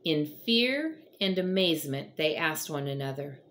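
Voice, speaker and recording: A woman's voice: sits low, very animated, unhurried, fairly bright tone, slight background noise. A woman giving a casual devotional talk in an earnest, encouraging way, rambling a little with frequent fillers. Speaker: host of a devotional chat.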